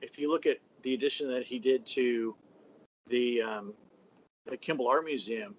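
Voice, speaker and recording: Man talking architecture, halting. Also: mid-range voice, a little hiss or hum, rough recording. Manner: thoughtful, halting, many fillers. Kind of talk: casual conversation about architecture.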